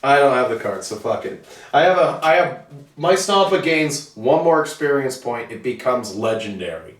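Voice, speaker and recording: A man's voice: mid-range voice, animated, normal speed. A man host ranting bluntly and profanely in a casual monologue about his tabletop hobby, in his basement hobby room. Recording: echoey room, far from the mic.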